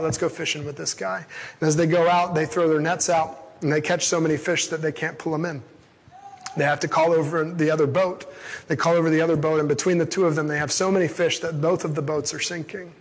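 A man's voice: on the high side, slightly rough. A man preaching a casual, conversational sermon into an amplified microphone, reading a Bible passage and then retelling it in everyday words. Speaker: pastor. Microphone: amplified through a sound system. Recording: long reverb in a large hall.

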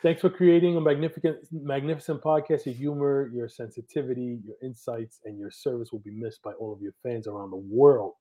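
A man's voice: medium pitch, steady tone, brisk, few pauses, dark tone. A man co-hosting a live streamed podcast, reading viewers' chat messages aloud in an upbeat way. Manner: upbeat, reads names with a lift. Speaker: podcast co-host.

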